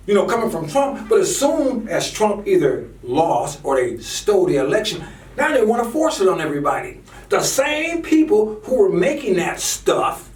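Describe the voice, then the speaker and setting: A commentator delivers an impassioned political rant in a high-sitting male voice, preaching fervently and repeating words as he gets worked up. He's off-mic and distant, in an echoey room.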